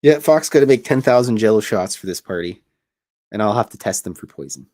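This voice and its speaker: A man's voice: lowish voice, lively intonation, a little fast, a little mellow. A Canadian man who hosts a cartoon show, telling meandering, jokey stories and often interrupting himself. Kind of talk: rambling casual storytelling.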